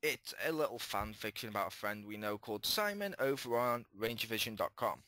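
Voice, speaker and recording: Bright-voiced man cracking jokes. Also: on the low side, animated, a little fast, no echo. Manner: jokey, spins silly scenarios, plugs friends' sites. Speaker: co-host. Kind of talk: casual gaming chat.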